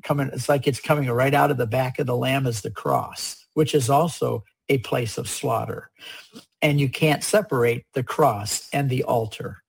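A man's voice: medium pitch, gravelly, darkish tone, breathy edge, rough recording. A man explaining religious imagery in a conversation, earnest and emphatic, often repeating his key points. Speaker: guest speaker on religious art.

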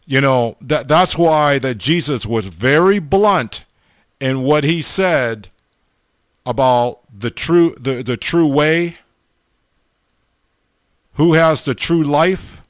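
A man's voice: on the high side, takes it slowly, pauses often, no room sound, studio quality. A man preaching a sermon, blunt and emphatic, stammering over restarts and repeating himself for stress.

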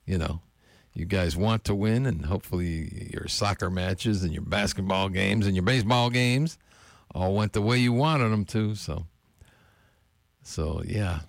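Gravelly low-voiced male radio DJ. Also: no echo, studio quality. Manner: relaxed, friendly shout-outs to listeners. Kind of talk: laid-back radio show chat. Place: college radio studio. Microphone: studio mic, close.

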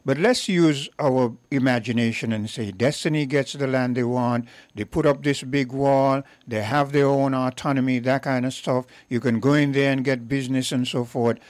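A man hosting a call-in radio talk show, speaking deliberately and stressing key words. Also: medium pitch, fairly even intonation, a little mellow, dry recording.

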